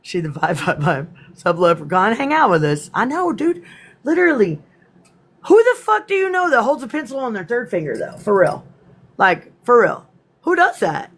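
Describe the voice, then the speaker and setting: A woman hosting a casual livestream, greeting commenters by name and swearing freely, her voice slightly hoarse. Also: fairly high pitch, very animated, normal speed. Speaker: livestream host. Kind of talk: casual livestream chat and reading her own poems.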